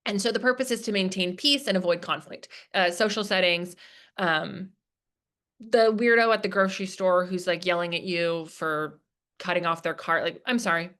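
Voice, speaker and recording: A woman's voice: mid-range voice, fairly bright tone. A woman giving a casual workshop talk, chatty and full of fillers, acting out quoted lines as she explains. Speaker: speaker at a business workshop. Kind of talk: casual lecture. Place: presentation room.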